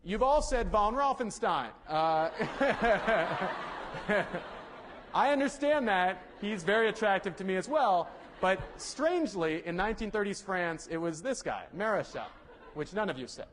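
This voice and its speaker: A young male lecturer with a fairly high voice talks through a university class in a loose, rambling way. He corrects himself often, fills pauses with ums and uhs, and tosses joking asides to the students. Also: expressive, a little hiss or hum. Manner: casual, rambling, self-correcting with many fillers. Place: lecture hall.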